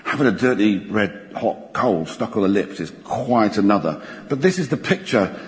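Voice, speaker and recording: A man preaching a sermon in a church, expressive and animated, slowing down dramatically for emphasis. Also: on the low side. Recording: church hall reverb.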